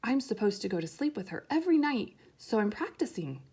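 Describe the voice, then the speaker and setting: A woman's voice: fairly high pitch, big pitch swings, brisk, a little mellow, husky, voice pushed up. Woman doing an earnest little bunny.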